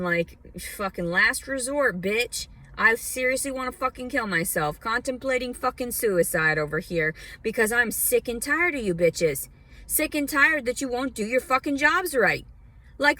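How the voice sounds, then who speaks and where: A woman's voice: mid-range voice, sharp tone. A woman from Arkansas ranting angrily and with lots of swearing into her phone outdoors. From Arkansas, USA. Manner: heated, profane, rambling. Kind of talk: angry rant vlog. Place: outdoors outside a department store.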